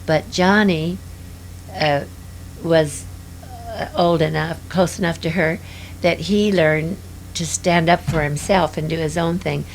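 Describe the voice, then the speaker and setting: An older woman speaks in a low voice with a gravelly edge. She drifts from story to story, stopping often with hesitant fillers as she reminisces in an interview. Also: steady tone, takes it slowly, slight background noise. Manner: rambling, hesitant, many fillers.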